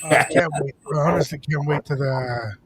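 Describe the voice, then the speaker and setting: Fast-talking bilingual male radio co-host. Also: on the high side, a crowd in the background. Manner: fast-talking, switches between English and Spanish; animated storyteller. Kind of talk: casual radio chat. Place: radio studio.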